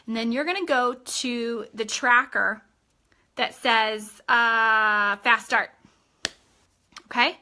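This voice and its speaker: A woman runs a live video training for her sales team, lively and talkative. Her voice sits a little high and rings bright. She keeps repeating key points and checking in with her viewers. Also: slow pace, long pauses. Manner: energetic, chatty, repeats points and checks in with "okay?"; acts out customer chats in a bubbly voice. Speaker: direct sales team leader.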